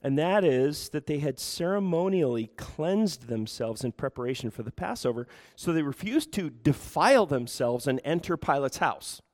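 A man's voice: fairly high pitch, expressive, moderate pace, hardly any pauses, darkish tone. A man preaching a sermon as pastor, asking the room rhetorical questions and acting out quoted voices. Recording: reverberant hall.

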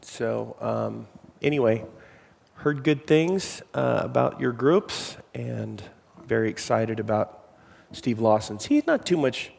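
A man's voice: fairly low pitch, moderate pace, vocal fry, darkish tone, in a large hall. A man preaching a sermon, casual and self-deprecating, with frequent fillers, then reading scripture aloud. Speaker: pastor.

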